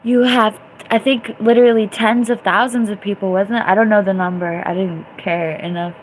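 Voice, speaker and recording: A woman's voice: mid-range voice, steady tone, normal speed, a little hiss or hum, poor audio. A woman hosting a live stream, chatting casually, reacting to viewer comments and often laughing. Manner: chatty, giggly, reacting loudly to chat. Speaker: livestream host and DJ.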